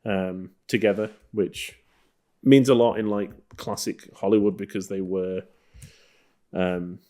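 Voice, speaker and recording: A man with a deep, low voice talking through classic films on a podcast. He rambles easily, trailing off and circling back with plenty of ums and likes. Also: a little slow. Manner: relaxed, rambling, many fillers. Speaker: podcast co-host. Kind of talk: casual film review chat.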